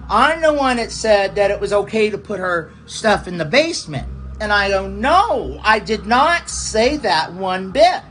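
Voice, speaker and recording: A man, a pastor, telling a personal testimony in a halting, repetitive way, circling back over the same phrases. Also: high voice, very animated, sharp tone, slight background noise, poor audio.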